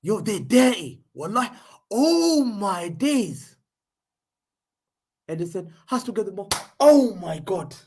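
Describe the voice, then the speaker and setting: A man hosting a live football watchalong, calling the play and chatting, excitable and slangy, repeating himself as the action unfolds. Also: high-pitched, takes it slowly, slightly rough. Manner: excitable, slangy, repeats phrases, jumps between play-by-play and chat. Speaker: fan host of a live match watchalong.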